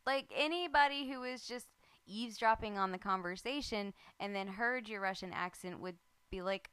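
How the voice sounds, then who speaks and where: A woman's voice: mid-range voice, normal speed, fairly bright tone, clear, resonant tone, dry recording. A woman co-hosting a podcast, teasing her co-host with laughter and swearing in casual chat.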